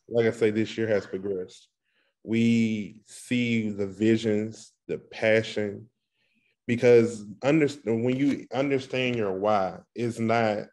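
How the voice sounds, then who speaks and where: A man co-hosting a podcast, speaking in an earnest, reflective, somewhat halting way. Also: on the low side, a little mellow. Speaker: podcast co-host. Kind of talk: casual podcast chat.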